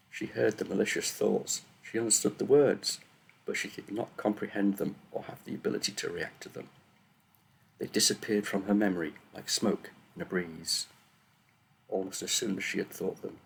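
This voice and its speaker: A man, an author, chatting nervously to camera before reading his own book aloud in steady narration. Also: sits low, moderate pace, gravelly, a little hiss or hum. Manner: nervous, self-deprecating chat then steady narration.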